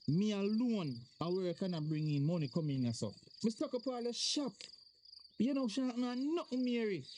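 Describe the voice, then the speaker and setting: A man's voice: sits high, a little mellow, slight background noise, lightly acted. An actor with a Jamaican accent playing an angry, wronged man confronting his wife and then his pastor. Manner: angry, accusing, emphatic. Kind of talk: acted drama dialogue in patois.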